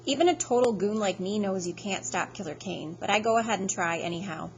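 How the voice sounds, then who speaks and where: A woman's voice: mid-range voice, fairly quick, highs cut off. Woman narrator, audiobook reading, earnest urgent delivery, faint background hiss. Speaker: audiobook reader.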